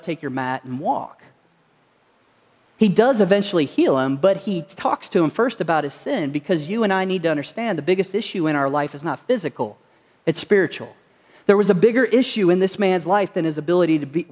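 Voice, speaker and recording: In a church sanctuary, a male pastor preaches to his congregation, telling stories earnestly and posing rhetorical questions. His voice is a little high and a little mellow, with the sound of a big room.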